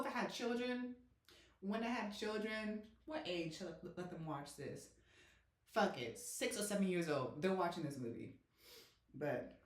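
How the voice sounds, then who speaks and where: Loud, cursing woman reacting to a film. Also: on the high side. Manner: loud, exclaiming, heavy cursing. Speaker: movie reaction channel host. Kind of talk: emotional movie reaction commentary. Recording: roomy echoey room.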